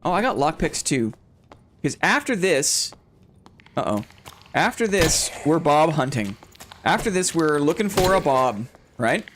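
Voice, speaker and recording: A man streaming a game live, chatting with his viewers, thinking out loud, repeating short phrases and getting jumpy and excitable during fights. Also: a little high, measured pace, pauses often, a little hiss or hum. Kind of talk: live gameplay commentary.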